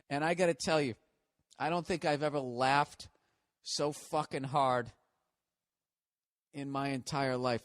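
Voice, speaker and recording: A man's voice: mid-range voice, no room sound. A middle-aged man, hosting a podcast in a profane, ranting monologue that breaks into laughter. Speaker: podcast host. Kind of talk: casual monologue.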